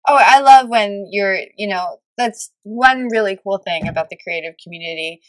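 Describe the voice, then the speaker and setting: A woman's voice: mid-range voice, moderate pace, no room sound. A woman hosting a podcast, chatting casually and encouraging her guest with short replies. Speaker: podcast host. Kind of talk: casual interview chat.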